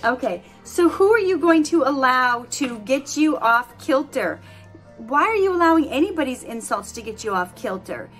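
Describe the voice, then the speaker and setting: A middle-aged woman at home giving earnest, animated motivational advice to camera, laughing easily. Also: high voice, moderate pace, soft background music. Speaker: vlogger giving life advice. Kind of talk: casual motivational talk to camera.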